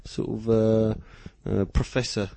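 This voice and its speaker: A man's voice: on the low side, little pitch movement, a little slow, creaky, noisy background. A young man co-hosting a comedy podcast, laid-back, rambling into sweary rants. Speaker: podcast co-host. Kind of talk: casual comedic chat.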